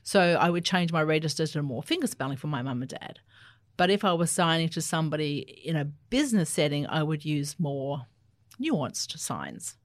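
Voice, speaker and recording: Low-voiced Australian woman explaining warmly. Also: normal speed, no room sound, clean studio sound. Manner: animated, explanatory, laughs easily. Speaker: Auslan interpreter. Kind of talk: conversational interview answers.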